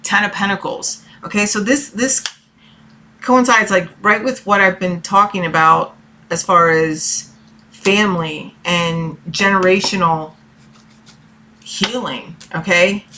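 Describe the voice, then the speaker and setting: A woman reads tarot cards for her viewers in a loose, rambling chat, often pausing to check in with a quick "okay?". Her voice is bright and forceful, and she speaks from her own room. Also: mid-range voice, steady tone. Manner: chatty, rambling, keeps asking okay. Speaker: tarot reader. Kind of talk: casual tarot reading to viewers.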